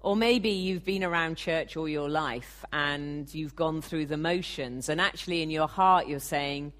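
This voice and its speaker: A woman preaching a sermon, earnest and measured, sometimes acting out the people she quotes. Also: sits low.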